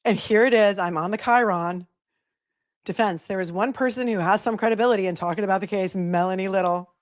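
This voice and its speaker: A woman's voice: medium pitch, fairly quick, dry recording, clean studio sound. A woman attorney hosting a casual livestream, chatting wryly and playfully with her viewers.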